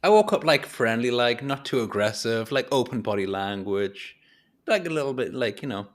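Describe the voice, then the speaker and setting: A man's voice: medium pitch, animated, moderate pace. A man playing a tabletop role-playing game, talking casually and hesitantly with lots of "like" and "you know". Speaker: player. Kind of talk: casual play chat.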